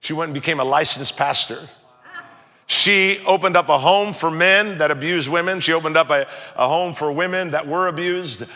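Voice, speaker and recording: High, gravelly-voiced pastor in a hall. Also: male voice, normal speed. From United States. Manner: animated, acts out dialogue in raised voices. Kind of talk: storytelling sermon. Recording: long hall reverb.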